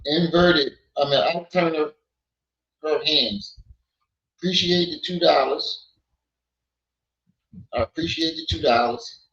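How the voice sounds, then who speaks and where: Guy ranting on his stream, scolds and repeats, kinda high voice, dull muffled audio. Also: slow pace, gravelly, pauses often, fairly bright tone. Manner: blunt, scolding, repetitive. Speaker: livestream host. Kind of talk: livestream commentary. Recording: echoey, dull lo-fi sound.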